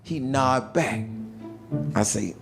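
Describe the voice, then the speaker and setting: A man's voice: mid-range voice, slow pace, creaky, over music. A man doing stand-up, telling a prison story and acting out the people in it with shifting voices. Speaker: stand-up comedian.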